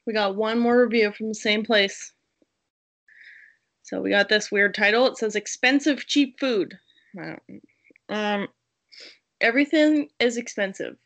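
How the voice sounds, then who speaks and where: A woman's voice: mid-range voice, unhurried, pauses often, fairly bright tone. A woman co-hosting a casual chat, reading restaurant reviews aloud and laughing between lines. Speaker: podcast co-host reading reviews.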